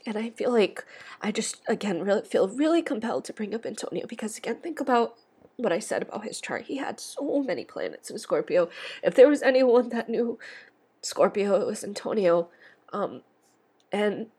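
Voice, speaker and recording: Young woman podcaster, breathy and a touch high, emotional, rambling monologue. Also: animated, moderate pace, a little mellow. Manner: rambling, many fillers and restarts. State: tearful. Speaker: astrology podcast host.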